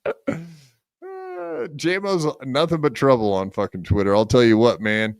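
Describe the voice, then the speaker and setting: A man hosting a podcast in loose, profane banter, his voice smooth and resonant with pitch that swings widely. The sound is close and dry, with no room around it. He teases and mocks his co-host with easy sarcasm. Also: big pitch swings, slow, dry recording.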